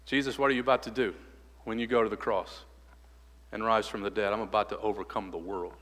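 A male pastor preaching a sermon, rising loud on exhortations and dropping soft and low when he prays. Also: fairly even intonation, a little fast. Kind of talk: sermon with closing prayer. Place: church sanctuary. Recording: church hall reverb.

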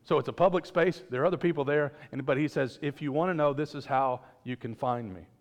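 A pastor preaching a sermon in a conversational way, with joking asides to the congregation. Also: male voice, medium pitch, brisk. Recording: long reverb of a church hall.

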